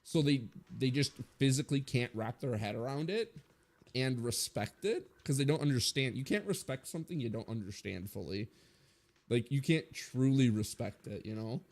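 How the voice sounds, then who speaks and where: A man's voice: mid-range voice, expressive, moderate pace, darkish tone. A man in his twenties giving a blunt, rambling opinion rant full of swearing, as a streamer talking to his viewers.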